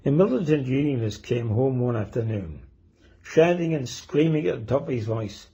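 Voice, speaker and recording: Raspy guy rambling through joke stories, lots of ums, dull lo-fi sound. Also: medium pitch, lively intonation, normal speed, dark tone. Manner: rambling anecdotal delivery with frequent ums and uhs. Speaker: comedian and poet. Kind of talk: joke telling and poetry reading. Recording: dull lo-fi recording.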